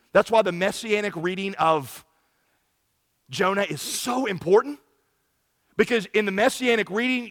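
A pastor preaching a sermon in an animated way, acting out quoted lines with big swings in volume. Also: male voice, sits high, long reverb tail.

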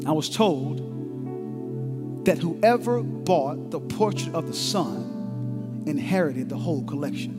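A preacher voicing a stubborn, calm auctioneer who keeps repeating his call in a high, light voice. Gentle music hums under the sermon. He will not budge. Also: unhurried, long pauses, long reverb tail. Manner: chanting, insistent repetition. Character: persistent calm male auctioneer.

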